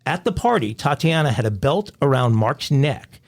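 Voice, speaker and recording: A man reads a true-crime news story aloud for a podcast, his voice carrying a gravelly edge. He keeps a steady storytelling pace and drops in wry asides. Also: medium pitch, moderate pace. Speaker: podcast co-host.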